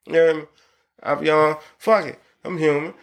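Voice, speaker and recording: Gravelly, profane man riffing. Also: on the high side, brisk. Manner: profane, rambling, swings into loud excited laughter. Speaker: podcast host. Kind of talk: casual chat.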